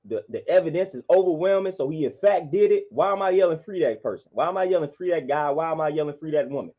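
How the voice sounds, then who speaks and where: A man's voice: fairly high pitch, expressive, fast. A man, delivering an impassioned monologue in a preachy, repetitive, emphatic way. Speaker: vlogger. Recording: dull lo-fi sound.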